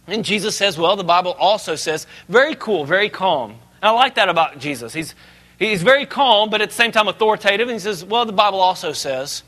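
High-voiced, bright male preacher. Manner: conversational and joking, rising to animated emphasis. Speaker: pastor. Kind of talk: sermon.

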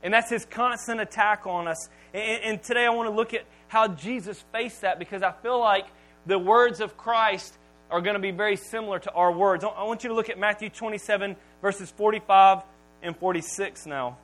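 A man preaching a sermon, swinging from hushed, slow phrases to loud bursts. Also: rough recording. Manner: dramatic pauses, drops to near-whisper, then booms. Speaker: pastor.

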